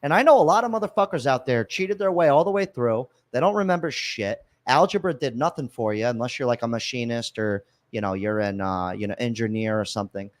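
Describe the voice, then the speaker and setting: A man hosting a casual livestream podcast, reading viewer comments and ranting in a loud, profane, mock-angry way. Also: medium pitch, a little fast, hardly any pauses. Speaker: podcast host.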